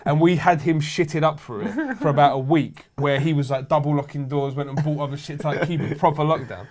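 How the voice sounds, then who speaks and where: A man's voice: a little high, steady tone, fairly quick, few pauses, darkish tone. A young man telling rowdy anecdotes in casual chat, swearing freely and laughing as he goes. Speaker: show regular.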